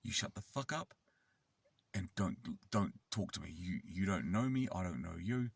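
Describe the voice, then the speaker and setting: A man's voice: sits low, animated, normal speed, creaky, husky, full character voice. A man voicing a bossy, aggressive six-year-old boy. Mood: menacing. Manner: threatening, then condescending.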